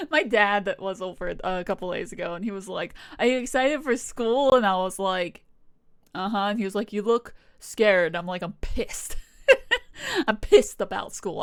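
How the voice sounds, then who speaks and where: A young adult woman streamer chatting casually, rambling with frequent swearing and laughter. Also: mid-range voice. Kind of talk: casual live-stream chat.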